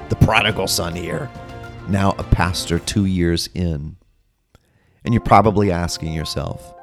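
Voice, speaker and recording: Slow, gravelly-voiced man telling his testimony. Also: sits low. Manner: earnest, emphatic, with dramatic pauses. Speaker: pastor and podcast host. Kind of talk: personal testimony storytelling.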